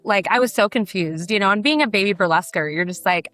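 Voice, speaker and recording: A middle-aged woman from Brazil, a burlesque performer, telling candid, animated stories in an interview and acting out the people she quotes. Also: lowish voice, quick pace, hardly any pauses, faint music behind. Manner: animated, emotional storytelling with acted quotes.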